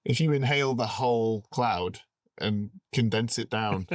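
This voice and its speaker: Low-voiced man hosting a podcast. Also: unhurried, dry recording, studio quality. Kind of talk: casual chat.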